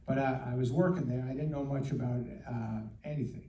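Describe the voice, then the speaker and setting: A man answering interview questions in a rambling, halting way, often repeating his words as he tells a story. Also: mid-range voice, fairly even intonation, mellow. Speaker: guest. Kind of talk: casual interview anecdote. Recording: roomy echo, distant mic.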